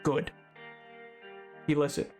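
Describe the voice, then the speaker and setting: A man's voice: takes it slowly, loud music behind the voice. A man streaming a game, chatting casually and playfully with his viewers in a rambling way. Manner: rambling, playful, bantering with chat. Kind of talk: casual livestream chat.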